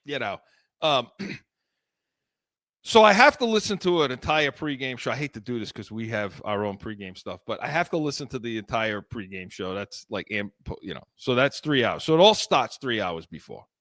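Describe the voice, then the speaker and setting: A middle-aged man co-hosting a casual podcast chat, telling a long story in a rambling, animated way with laughs and restarts. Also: mid-range voice, moderate pace, no echo, clean studio sound. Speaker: podcast co-host.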